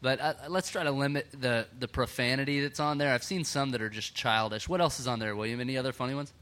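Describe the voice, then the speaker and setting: A young man from Texas with a Texan accent, hosting a casual podcast chat, chatty and quick to laugh. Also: mid-range voice, a bit bright. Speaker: podcast host.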